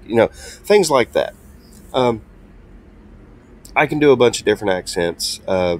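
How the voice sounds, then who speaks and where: A man's voice: fairly low pitch, expressive, a little slow, pauses often. A man hosting a truck game video, talking casually and hesitantly with many ums and restarts. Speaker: gaming channel host. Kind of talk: casual gameplay commentary.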